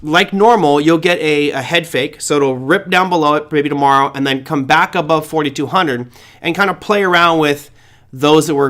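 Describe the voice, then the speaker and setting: A man's voice: on the high side, a bit bright. A man hosting a trading show, walking through charts in casual, emphatic live market commentary with exclamations and asides.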